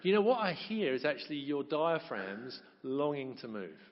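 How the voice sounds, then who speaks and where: A man's voice: fairly high pitch, sing-song, moderate pace. A man from Wales with a Welsh accent, leading a crowd in a sing-along as a chatty, encouraging choir leader. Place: large hall at a conference. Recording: echoey hall, dull sound.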